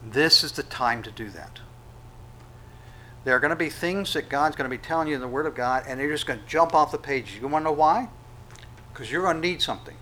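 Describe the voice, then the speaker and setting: Male pastor, conversational sermon delivery, bursts of loud acted-out dialogue, crisp bright tone. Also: a little high, expressive, a little fast, slight background noise, low-quality recording. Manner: conversational preaching with sudden loud acted-out quotes.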